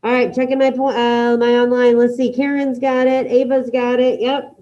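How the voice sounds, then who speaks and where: Brisk teacher woman, lo-fi call audio. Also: fairly high pitch, flat delivery, mellow. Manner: brisk, encouraging, calling out student names. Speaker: Spanish teacher. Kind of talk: online class instruction.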